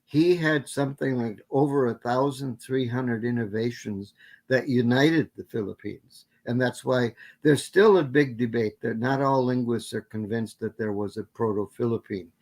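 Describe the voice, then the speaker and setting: A man's voice: mid-range voice, moderate pace, darkish tone. A man giving a guest lecture, answering questions at length and often correcting himself with fillers. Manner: rambling, self-correcting with many fillers. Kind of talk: academic Q&A answer.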